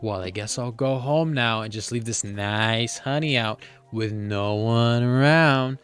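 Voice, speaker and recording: A man's voice: medium pitch, unhurried, fairly bright tone, faint music behind, lightly acted. Guy doing a sly grocery stock guy, fake friendly.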